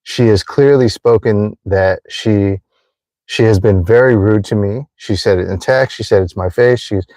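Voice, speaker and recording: A man's voice: lowish voice, normal speed, warm tone, no echo. A man hosting a livestream, talking earnestly and repetitively about forgiveness, addressing his viewers directly. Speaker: livestream host giving life advice. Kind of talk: earnest motivational livestream talk.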